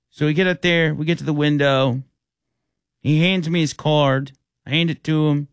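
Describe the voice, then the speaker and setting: Animated man telling a story. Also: fairly high pitch, normal speed, no echo, studio quality. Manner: animated, acts out the people in his stories. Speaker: radio talk show host. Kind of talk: casual storytelling.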